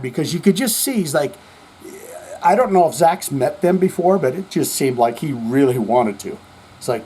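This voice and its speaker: A man's voice: a little high, expressive, normal speed, dark tone, husky. A man hosting a show, telling rambling, profane stories and acting out quoted voices. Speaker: host. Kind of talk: casual rambling monologue.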